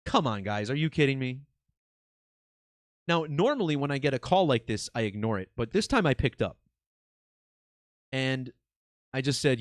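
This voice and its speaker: Lively man chatting to his viewers. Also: medium pitch, moderate pace, long pauses, no echo, studio quality. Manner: excited, conversational, swears casually. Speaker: video host. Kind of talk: casual monologue to viewers.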